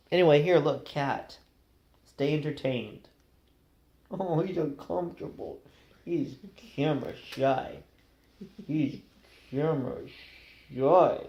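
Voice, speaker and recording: A man's voice: sits high, highs cut off. A man telling a rambling, conversational story to camera in a casual vlog. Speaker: vlogger.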